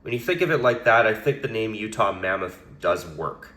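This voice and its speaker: A man with a hoarse, raspy voice from a cold, giving rambling solo commentary on a sports topic with frequent restarts. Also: lowish voice, animated, moderate pace, pushed and bright, echoey room. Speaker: hockey commentator.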